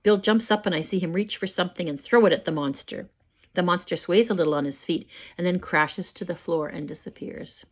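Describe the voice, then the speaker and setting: An older woman reading her own first-person story aloud at home, measured and expressive. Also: lowish voice. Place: home, with a pet dog nearby.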